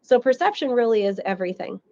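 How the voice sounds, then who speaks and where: A woman audiologist gives an educational seminar in a slightly high voice, speaking fast. She explains through animated stories, acting out little quotes along the way, and the audio has its highs cut off.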